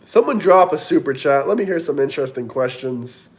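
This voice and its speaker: On a casual livestream, a man with a fairly quick, expressive, high-ish voice reads viewer comments aloud. His chatter is loose and rambling.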